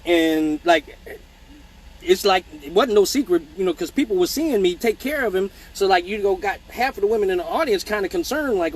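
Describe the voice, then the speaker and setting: A man with a high voice tells a rambling story on a casual livestream. He swears freely and keeps breaking off to joke with the people watching. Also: animated, brisk. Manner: profane, rambling, joking asides to viewers. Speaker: male exotic dancer hosting a live Q&A show.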